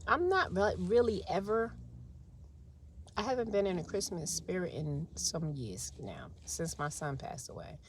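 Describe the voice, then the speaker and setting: A woman's voice: lowish voice, very animated, a little slow. A woman, chatting and venting to viewers in a casual vlog while stuck in traffic in her car. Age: 40s. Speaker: vlogger.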